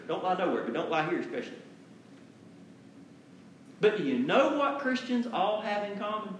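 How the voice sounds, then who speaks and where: Male pastor, high voice, emphatic conversational sermon, roomy church echo. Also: a little hiss or hum. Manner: conversational, emphatic preaching with acted-out quotes.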